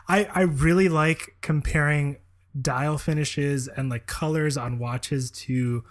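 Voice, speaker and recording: A man's voice: fairly high pitch, steady tone, slow. A man co-hosts a casual podcast. He speaks hesitantly, often restarting his sentences and filling the gaps with ums. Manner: hesitant, repeats words, many fillers. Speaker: podcast co-host. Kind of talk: casual chat.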